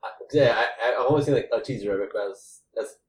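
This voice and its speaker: Man, casual chat, quick-talking, playful, echoey room. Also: fairly low pitch, slight background noise. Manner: quick, playful, leads games. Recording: roomy echo.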